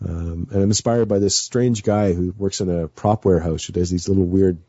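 Nervous rambling man with a low husky voice. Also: fairly even intonation, brisk, mellow, dry recording, muffled recording. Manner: nervous, rambling, lots of fillers and restarts. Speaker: radio show guest, amateur voice actor. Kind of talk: casual chat.

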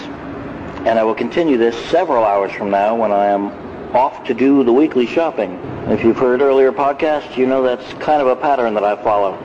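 Rambling man podcasting outdoors, street noise. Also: medium pitch. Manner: chatty, self-deprecating, rambling with restarts. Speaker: podcast host. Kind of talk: casual rambling monologue. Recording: dull lo-fi sound with street noise.

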